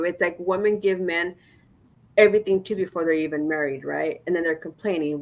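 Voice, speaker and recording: A woman's voice: fairly low pitch, quick pace. A woman in her forties hosting a podcast, telling stories in casual chat and stressing her points by repeating them. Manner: animated storyteller, acts out quoted dialogue. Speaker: podcast host.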